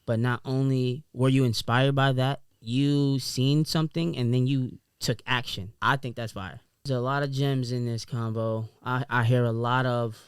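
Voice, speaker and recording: A man's voice: medium pitch, fairly even intonation, normal speed, hardly any pauses, smooth, no room sound, studio quality. A man hosting a podcast interview, easygoing and encouraging, using casual slang. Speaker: podcast host.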